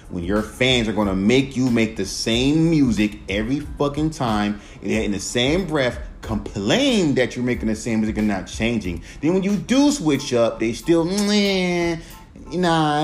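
A man hosting a solo podcast, ranting in a casual, profane, emphatic way and mocking others in put-on voices. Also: lowish voice. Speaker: podcast host.

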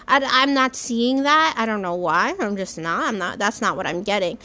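On her own podcast, a woman talks in a casual solo monologue with a mid-range, animated voice at a moderate pace and a sharp tone. She rambles, swears freely, and fills the air with fillers and self-talk as she works through restarts.

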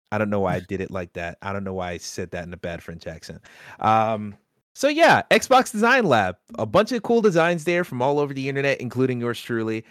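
A man hosting a casual gaming podcast, talking excitedly and often breaking into laughter. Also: lowish voice, a little fast, dry recording, clean studio sound. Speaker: podcast host. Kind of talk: casual chat.

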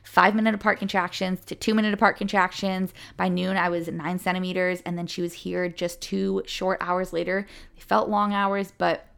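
A young woman with a low, gravelly voice tells her personal story in a casual, candid way. Her talk is chatty and full of "like," and it lifts whenever she gets excited. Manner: candid and chatty, with fillers like "like" and quick emotional lifts. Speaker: podcast or vlog host sharing a birth story.

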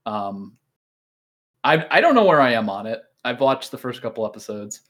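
A man's voice: medium pitch, expressive, moderate pace, fairly bright tone. A man co-hosting a podcast, chatting casually and laughing as he retells scenes. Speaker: podcast co-host. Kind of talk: casual chat.

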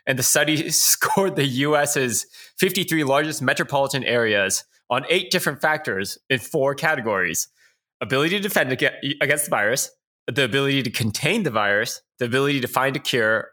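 A man's voice: medium pitch, a little fast, sharp tone. A man co-hosting a casual podcast chat, joking and laughing often as he reads out facts. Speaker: podcast co-host.

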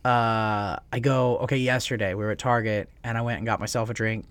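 A podcast host in his thirties, close on a studio mic, tells crude stories full of laughter and swearing. His lowish voice is clear and resonant, moving fairly quickly in animated, profane chat.

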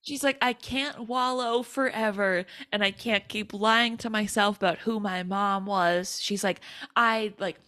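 A woman co-hosting a podcast in casual chat, relaxed as she recaps the plot and laughs often. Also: medium pitch, measured pace. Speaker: podcast co-host.

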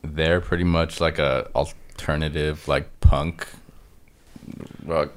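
Podcast guest, male, extremely deep, halting filler-heavy delivery. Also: flat delivery, clean tone. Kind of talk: casual chat.

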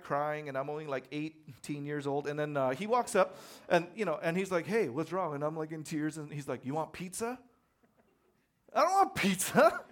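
Animated man preaching a casual sermon. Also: high-pitched. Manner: conversational, animated storytelling with self-deprecating humor. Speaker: pastor.

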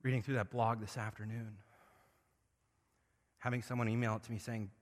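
A man preaching a sermon as pastor, moving between hushed, intimate passages and loud, impassioned swells. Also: lowish voice, level tone, normal speed, pauses often, long reverb tail.

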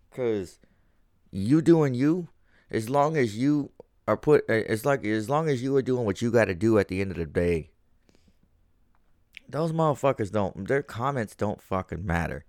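A man's voice: medium pitch, lively intonation, a little slow, no room sound, clean studio sound. A man hosting a casual solo podcast from home, ranting with lots of swearing and working himself up as he talks. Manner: profane, ranting, gets heated. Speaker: podcast host.

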